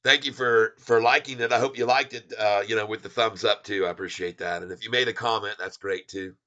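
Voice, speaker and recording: A man hosting a casual livestream about stocks. He talks in an excitable, rambling way, with loud exclamations and restarts. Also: on the low side, fairly quick, lo-fi sound. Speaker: stock market vlogger and songwriter.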